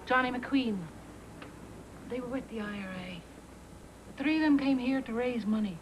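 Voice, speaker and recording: An actress playing a wary widow who answers the police curtly and with bitterness. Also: female voice, on the high side, moderate pace, slight background noise, close to an everyday voice, rough recording. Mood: bitter. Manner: curt, tight-lipped, then bitter.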